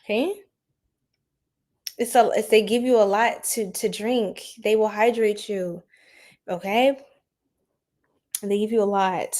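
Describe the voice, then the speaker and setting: A woman's voice: mid-range voice, fairly even intonation, slow pace, long pauses, a little mellow. A woman with a New York accent hosting a casual astrology livestream, sassy and playful, laughing often and repeating herself.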